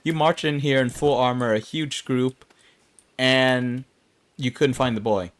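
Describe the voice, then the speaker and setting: A man's voice: mid-range voice, steady tone, a little slow. A young man streaming an online game, rambling through casual commentary with self-mocking asides. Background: game music.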